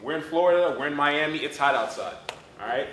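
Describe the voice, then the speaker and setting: A man's voice: a little high, fast talker, fairly bright tone, reverberant, distant mic, a little hiss or hum. Man coaching kids on healthy eating. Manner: coach-like, asks the kids questions and answers them himself. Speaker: nutrition speaker at a kids' fitness camp. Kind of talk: energetic talk to children. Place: community center event with children.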